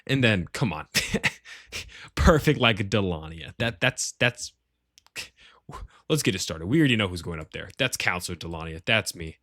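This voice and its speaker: Low-voiced guy rambling and cussing through a tier list, dry close sound. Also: lively intonation, normal speed, pushed and bright, no room sound. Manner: profane, rambling, slangy banter. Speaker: gaming clan leader. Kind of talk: casual tier-list commentary. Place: at home, shared with family.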